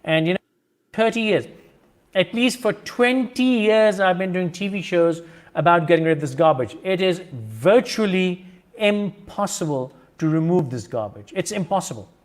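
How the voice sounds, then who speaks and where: A middle-aged man from Pakistan hosts a discussion in a high voice. He argues emphatically and insists on his point. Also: lively intonation, normal speed. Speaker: host. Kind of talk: video-call discussion.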